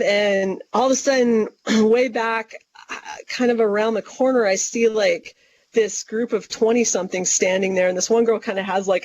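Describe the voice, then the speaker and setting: A woman guest tells a story on an interview show, bringing it to life by acting out her own words and the words of others. Her pitch sits in a middle range. The recording sounds dull and lo-fi. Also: slight background noise. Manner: animated, quotes herself and others in lively voices. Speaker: guest author.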